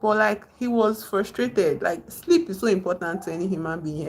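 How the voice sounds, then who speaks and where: A woman's voice: mid-range voice, a little fast, few pauses, slight background noise. A woman with a Nigerian accent hosting a casual livestream, rambling as she retells film scenes and greets viewers in the chat. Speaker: livestream host.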